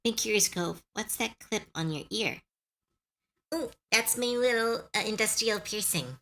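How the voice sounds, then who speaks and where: A woman's voice: mid-range voice, a little slow, a bit bright. A young adult woman streamer chatting casually on a live stream, chatty and self-deprecating, laughing often.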